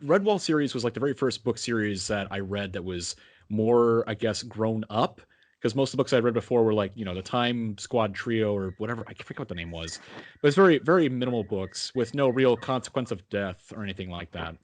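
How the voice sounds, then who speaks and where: A man's voice: fairly low pitch, a little fast, no room sound. A man co-hosting a fan podcast, telling personal stories casually. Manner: animated storytelling, laughing. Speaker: podcast co-host.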